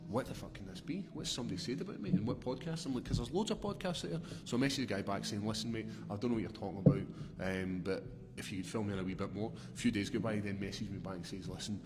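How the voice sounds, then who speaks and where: A man's voice: on the low side, quick pace, over loud music. A young Scottish man, a podcast guest, telling crude stories in loose, laughing chat. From Scotland. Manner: crude, animated storytelling, breaks into laughter. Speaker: guest, fighter. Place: podcast studio. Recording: reverberant room.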